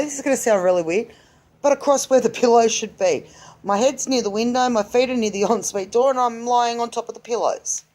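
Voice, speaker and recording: This vlogger, a woman in her forties, has a mid-range voice with a darkish tone. Chatting alone to her camera, she rambles, cuts herself off and begins again, candid and lilting.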